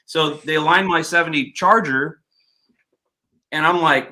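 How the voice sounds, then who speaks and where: Bright-toned guy hosting a laid-back chat, swears a lot, gets loud retelling stuff. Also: fairly high pitch, moderate pace. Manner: storytelling, swears freely, animated when retelling. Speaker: podcast host. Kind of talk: casual chat.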